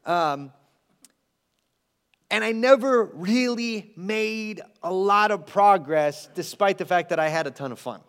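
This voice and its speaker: A male pastor with a high-pitched voice delivers a sermon. He is animated and conversational, and he slips in self-deprecating asides. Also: slow, clean tone.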